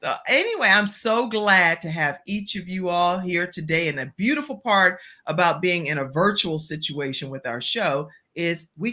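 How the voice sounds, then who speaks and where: A woman from Virginia hosting a virtual talk show, chatty and animated, speaking straight to her audience. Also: lowish voice.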